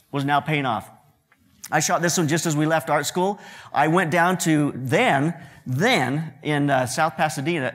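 A man giving a lecture to students, telling joking anecdotes about his work as a photographer and acting out what people said. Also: mid-range voice. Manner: joking storyteller who acts out quotes. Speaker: guest lecturer, photographer and director.

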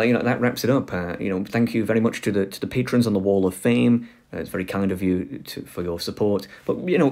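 A man's voice: on the low side, a little mellow. A young man giving an opinionated political monologue, passionate and ranting, often restarting and repeating words. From United Kingdom. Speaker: political commentary YouTuber.

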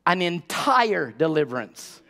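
A male preacher with a notably high voice delivers a sermon with urgency. He drives his points home by repeating key words and asking the congregation rhetorical questions. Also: big pitch swings, measured pace, creaky, pushed and bright. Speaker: pastor.

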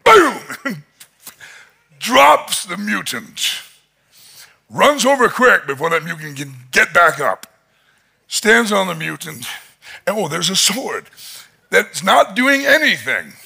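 A male pastor preaching a sermon in an animated storytelling manner, chuckling often as he tells the story. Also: sits high, takes it slowly, gravelly, pauses often, husky.

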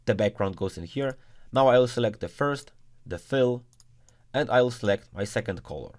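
A man teaching a screen-recorded software tutorial, giving methodical step-by-step instructions and now and then punctuating a result with a punchy exclamation. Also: medium pitch, moderate pace.

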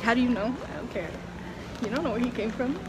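A woman's voice: fairly high pitch, fast. Giggly young woman vlogging on the go. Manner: chatty and giggly, laughs often. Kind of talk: casual travel vlog chat. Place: airport and outdoors while traveling. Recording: noisy travel background.

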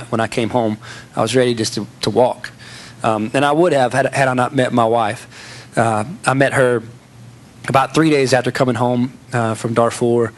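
A man giving a candid, self-mocking storytelling speech to an audience. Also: mid-range voice. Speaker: speaker.

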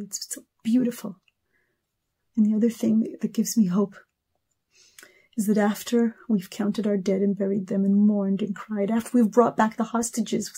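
A woman's voice: on the high side, creaky, warm tone, breathy edge. A middle-aged woman with an Israeli accent giving an emotional personal address to camera, earnest and repeating words for emphasis. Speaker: singer speaking to fans.

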